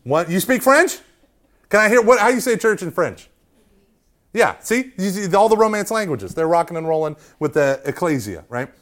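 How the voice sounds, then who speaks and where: A man leads an informal Catholic Bible class in a fairly high voice that leaps up and down as he talks. He lectures with jokes and asides and keeps checking in with the room by asking "right?". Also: big pitch swings, normal speed, fairly bright tone. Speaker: Catholic Bible study teacher. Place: hot meeting room with a live class.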